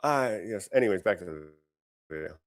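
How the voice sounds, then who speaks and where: A man's voice: sits low, lively intonation, moderate pace. A man hosting a political commentary show, talking in a sarcastic, indignant, conversational way. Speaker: show host.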